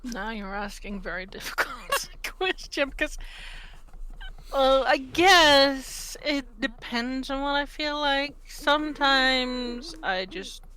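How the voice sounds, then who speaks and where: A woman from Norway, a guest artist answering interview questions in a modest, unhurried way, thinking aloud as she goes. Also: sits high, lively intonation, bright, forceful tone, slight background noise.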